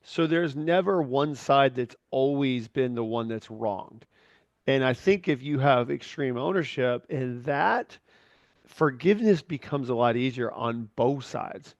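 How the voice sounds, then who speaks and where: A man's voice: mid-range voice, expressive, measured pace, dry recording, dull audio. A man hosting a podcast in casual chat, talking in a candid, rambling way with frequent restarts and free swearing. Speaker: podcast host.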